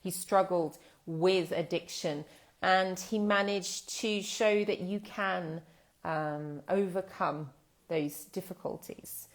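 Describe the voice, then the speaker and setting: A woman from England gives a live English lesson, her voice sitting a little on the low side. She explains things patiently and thoughtfully, pausing with fillers and restarting her sentences. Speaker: English teacher.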